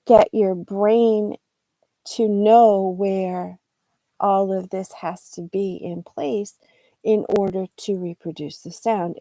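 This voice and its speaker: Slow, gravelly-voiced woman teaching pronunciation. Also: mid-range voice, dark tone, dry recording. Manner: unhurried, thinking aloud with fillers and restarts. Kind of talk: live-stream lesson.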